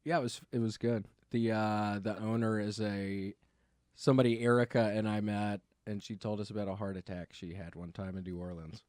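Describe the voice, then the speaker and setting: A man's voice: fairly low pitch, level tone, moderate pace, a little mellow, no echo, studio quality. Laid-back joking male podcast host. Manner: joking, rambling, says he had an edible. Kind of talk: casual comedic chat.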